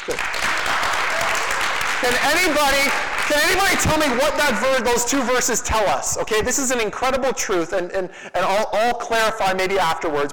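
A young male youth pastor preaching with lively, chatty energy and quick asides. His voice sits high for a man. The sound carries a long reverb from a big hall. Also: a little hiss or hum. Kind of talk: youth sermon.

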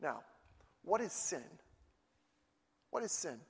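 A man preaching a sermon to a group in a church hall, telling lively stories and acting out voices and outbursts. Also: a little high, takes it slowly, vocal fry, slightly rough. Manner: animated storytelling, acts out voices and outbursts. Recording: long hall reverb.

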